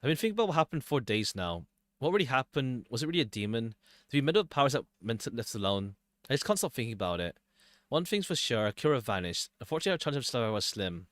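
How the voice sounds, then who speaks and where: A man's voice: mid-range voice, very animated, fast, fairly bright tone, no room sound, clean studio sound. A man streaming a story game, reading its dialogue aloud and switching between characters.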